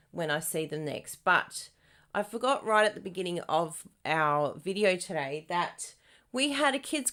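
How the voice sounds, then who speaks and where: A young woman chats through a live papercraft tutorial, bubbly and prone to giggles and squealed exclamations. Her pitch swoops widely from phrase to phrase. She talks at an easy, unhurried pace. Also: pushed and bright. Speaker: papercraft demonstrator hosting a live stream. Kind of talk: casual live craft tutorial.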